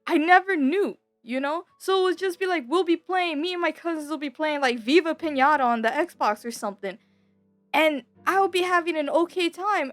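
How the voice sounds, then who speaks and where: Young woman with a high voice rambling through a story, slangy, dry close sound, faint music under it. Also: no room sound. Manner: rambling, slangy, full of "like" and "bro". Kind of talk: casual personal storytelling. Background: soft background music.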